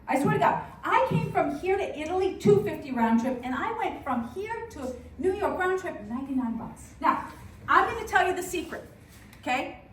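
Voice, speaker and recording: A woman's voice: extremely high pitch, very animated, normal speed, a little hiss or hum. A woman performing a brash stand-up comedy set on a club stage, swearing freely and talking to the crowd. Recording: echoey room from a distance. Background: audience laughter.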